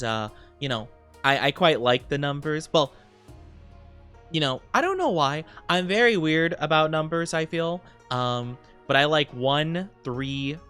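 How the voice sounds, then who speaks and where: A man's voice: a little high, fairly bright tone, smooth. A man chatting casually on a live stream, giggly and fidgety and full of filler words.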